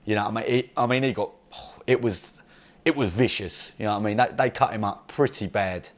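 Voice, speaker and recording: A man's voice: lowish voice, brisk, close to an everyday voice. A man playing a brash, crude young male chav from Essex, rambling boastfully in an improvised comedy monologue with an Essex accent. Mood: mocking. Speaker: comedy character.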